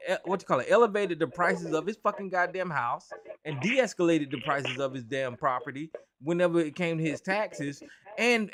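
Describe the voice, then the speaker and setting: A man hosting a call-in show, arguing heatedly, swearing constantly and repeating himself as he stumbles over words. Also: sits high. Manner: profane, repetitive, stumbling.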